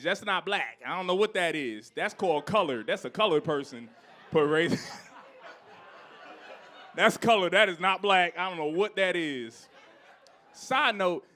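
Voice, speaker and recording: High, bright-voiced man doing stand-up. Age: 30s. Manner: animated, ranting, shifts between loud outbursts and low asides. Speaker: stand-up comedian. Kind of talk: stand-up comedy set. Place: comedy club stage.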